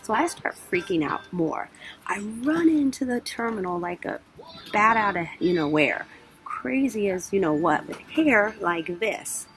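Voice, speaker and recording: A woman's voice: mid-range voice, a little slow, soft background music, low-quality recording. A young woman vlogger telling a travel story in a casual way, acting out her own panic. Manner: animated, acts out her own panic in quotes.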